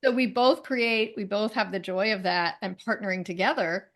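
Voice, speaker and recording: A woman being interviewed as a spiritual teacher, talking in a chatty, animated way and laughing often. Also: mid-range voice, moderate pace. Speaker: guest, medical intuitive and spiritual teacher. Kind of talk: conversational interview.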